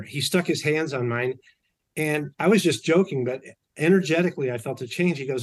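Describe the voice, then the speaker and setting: A man's voice: medium pitch, a little fast. A man being interviewed, telling personal stories in a chatty way, often correcting himself mid-sentence. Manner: chatty, anecdotal, with self-corrections. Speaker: podcast guest. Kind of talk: storytelling in an interview.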